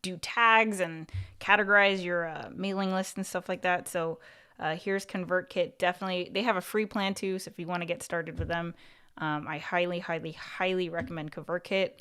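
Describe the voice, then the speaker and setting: A YouTube coach hosting a livestream, this woman gives casual advice through chatty talk crowded with "like" and "you know." She often restarts ideas and repeats words mid-thought. Her voice is on the low side, smooth and sharp in tone, steady, and at normal speed.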